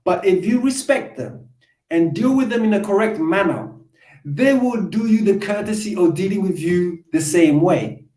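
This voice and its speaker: A man's voice: high voice, expressive, normal speed, mellow. A man hosting a casual live chat, lecturing his guest and acting out quoted exchanges. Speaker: host. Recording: roomy echo.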